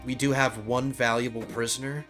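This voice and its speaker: Excitable let's play host, mid-pitched man, casual thinking-aloud commentary over game music. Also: moderate pace. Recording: game music playing under the voice.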